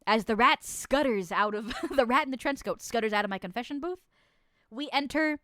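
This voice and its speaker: A woman's voice: a little high, brisk, pushed and bright, dry recording, studio quality. A woman streamer playing a nun who hears chat's confessions, swinging between mock-solemn verdicts and profane, laughing banter. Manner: laughs often.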